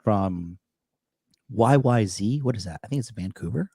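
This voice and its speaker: A man co-hosting a casual podcast, telling a story with lots of swearing and animated retelling. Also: lowish voice, a little slow, slightly rough, no echo, clean studio sound. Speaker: podcast co-host. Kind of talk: casual chat.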